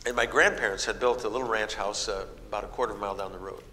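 A man's voice: lowish voice, fast talker. A middle-aged man preaching a sermon, telling folksy stories and acting out the people in them. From American Midwest. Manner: folksy storytelling, animated voices for quoted people. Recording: reverberant hall with faint noise.

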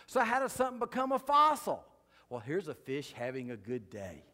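A man lectures a live audience from slides in a folksy, joking way, landing his punchlines dry. His voice sits a little high for a man. The sound carries a long reverb from a big hall. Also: wildly swooping pitch, normal speed, pushed and bright, a little hiss or hum. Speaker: creation science speaker.

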